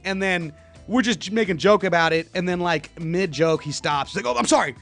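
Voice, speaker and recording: A man's voice: high-pitched, moderate pace, fairly bright tone, faint music behind. A young man co-hosting a radio show, telling stories in a laid-back, slangy way and laughing often. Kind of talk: casual chat.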